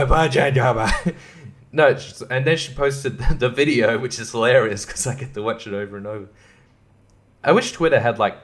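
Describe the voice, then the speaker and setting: A man hosting a podcast alone, rambling in a sarcastic, profane way and chuckling to himself. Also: lowish voice. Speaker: podcast host. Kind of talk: casual podcast monologue.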